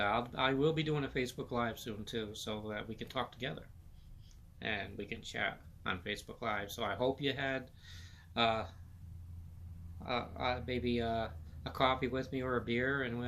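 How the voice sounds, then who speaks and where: Middle-aged male podcast host, bright, forward voice, loose rambling delivery, faint hiss behind. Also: mid-range voice. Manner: rambling, filler-heavy, repeats words. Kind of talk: casual solo sports chat.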